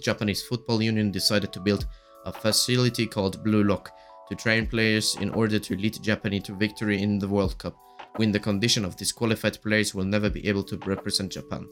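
A man chats on his own as a podcast host in a low voice that keeps cracking. He gushes and rambles with many fillers, and a faint guitar plays softly behind him. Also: fairly even intonation, brisk. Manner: gushing, rambling with frequent fillers. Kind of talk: casual solo chat.

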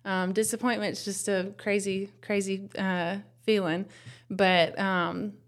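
A woman's voice: mid-range voice, flat delivery, slow. A woman, the host's wife and a new mother, sharing her faith story in a tender, reflective way full of fillers. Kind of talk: casual personal testimony.

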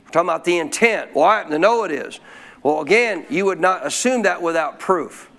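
High-pitched guy preaching, keeps asking the crowd questions, slows way down on the big points. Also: animated, gravelly, a bit bright. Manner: call-and-response preaching with frequent questions to the congregation; slows to stress key phrases. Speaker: pastor. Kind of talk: sermon.

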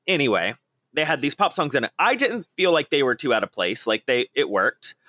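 A man co-hosting a casual podcast chat, excitable and quick to break into impressions. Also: medium pitch, no room sound. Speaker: podcast co-host.

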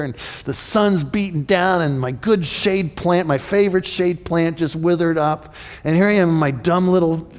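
A man voicing a miserable prophet, muttering complaints to himself in a grumbling, self-pitying way. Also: on the high side. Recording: long hall reverb.

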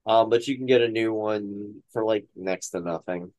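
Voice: medium pitch, moderate pace, darkish tone, rough recording. A podcast co-host chatting casually over a video call, rambling with lots of fillers. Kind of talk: casual chat.

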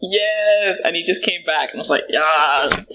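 A woman talking in a casual podcast chat, fast and animated, laughing as she talks. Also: on the low side, a little hiss or hum, poor audio. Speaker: guest podcaster.

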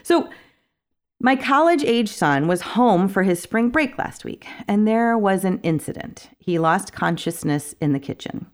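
A woman's voice: mid-range voice, animated, measured pace. A middle-aged woman hosting her podcast, talking in an upbeat, chatty way and laughing easily. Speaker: podcast host and organizing coach. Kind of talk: casual podcast chat.

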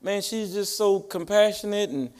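A man's voice: high-pitched, moderate pace, darkish tone. A pastor preaching a sermon to his church in call-and-response style. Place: church sanctuary.

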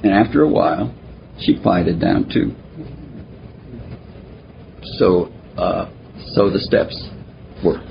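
An older man telling his personal recovery story at a twelve-step meeting, halting and self-deprecating, with many pauses and fillers. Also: low-pitched, animated, vocal fry. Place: meeting room. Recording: muffled recording with faint hiss.

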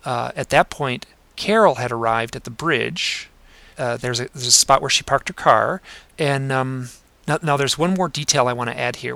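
A man guesting on a podcast, telling personal stories in an earnest, reflective way, pausing often with fillers. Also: mid-range voice, creaky, sharp tone, no echo. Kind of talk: conversational storytelling. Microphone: home desk microphone.

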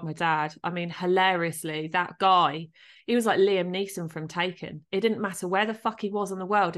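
A woman's voice: on the low side, a bit bright. A woman in her thirties talking candidly on a podcast, frank and sweary, with self-mocking humour. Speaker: podcast guest. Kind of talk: candid personal podcast talk.

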